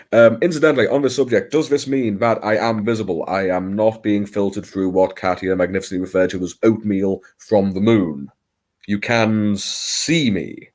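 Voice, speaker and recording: A man with a fairly low voice hosts a late-night livestream from home at his computer. He rambles and hesitates, often pausing mid-thought, and pokes fun at himself as he chats with viewers. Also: a little mellow. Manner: rambling, self-deprecating, hesitant with many fillers. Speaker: livestream host. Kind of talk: casual livestream chat.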